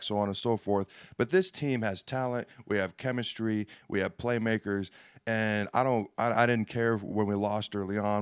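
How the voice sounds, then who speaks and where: A man's voice: lowish voice, clean tone, dry recording, clean studio sound. A young man, a football player, co-hosting a casual sports podcast and telling a long story with self-mocking asides. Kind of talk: casual sports talk chat.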